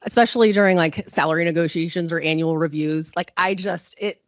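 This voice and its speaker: A woman's voice: on the low side, fairly quick, no echo. Chatty woman presenter, muffled dry sound. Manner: chatty, filler-heavy, self-deprecating. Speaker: conference presenter. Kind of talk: live conference talk.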